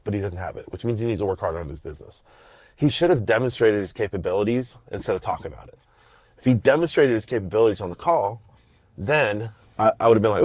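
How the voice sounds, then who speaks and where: A middle-aged man talks through his podcast in a loose, slangy ramble full of restarts and fillers. His voice sits low, and the sound is dry and close with no room around it. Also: darkish tone, no room sound. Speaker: podcast host. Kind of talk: casual solo podcast talk.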